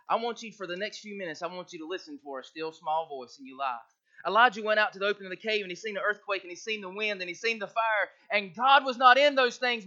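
Brief: male preacher, very high and bright voice, sermon on a dull lo-fi recording. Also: quick pace. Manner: preaching with rising intensity, reading scripture aloud.

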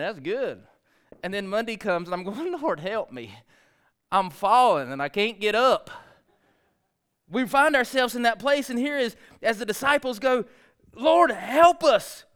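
A middle-aged preacher delivers a folksy sermon, his voice pitched a bit high for a man and notably smooth and clear. He swings between hushed stretches and sudden loud, animated bursts. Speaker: pastor.

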